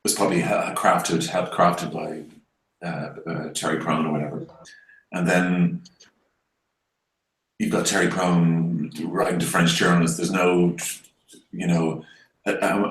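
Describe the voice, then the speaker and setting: An Irish man in a casual roundtable chat, talking in a wry, rambling and hesitant way. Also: sits low. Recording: echoey room.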